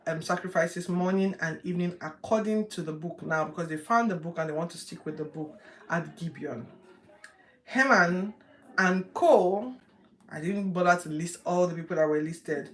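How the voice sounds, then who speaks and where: A woman hosting a Bible reading, chatting lively with her viewers as she teaches. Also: on the low side. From Nigeria. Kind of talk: casual livestream Bible teaching.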